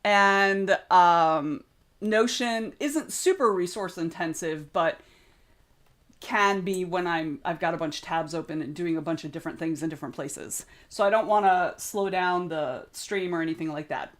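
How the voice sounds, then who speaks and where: A woman's voice: lowish voice, normal speed. A woman from the United States with a Southern Georgia accent, chatting casually on a livestream, greeting viewers by name and rambling between topics. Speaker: streamer and author.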